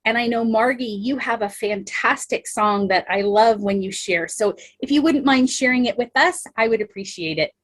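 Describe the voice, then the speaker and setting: A woman leading a children's circle time on a video call, talking gently and reassuringly with many ums. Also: fairly high pitch. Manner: slow, soft-spoken and reassuring, with many ums. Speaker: early-years facilitator leading circle time. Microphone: laptop webcam on a video call.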